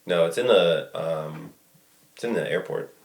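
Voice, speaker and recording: A man's voice: sits low, a little slow, creaky, echoey room, slight background noise. A man in casual podcast chat, joking around, laughing often and mimicking voices. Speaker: podcast guest.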